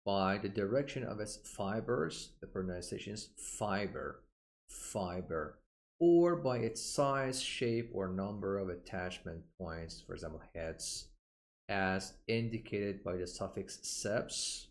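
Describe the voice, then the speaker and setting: A man with a voice on the low side walks through a medical English textbook lesson. He's slow and deliberate, repeating terms to model their pronunciation, and often pauses with "uh" while pointing at the page.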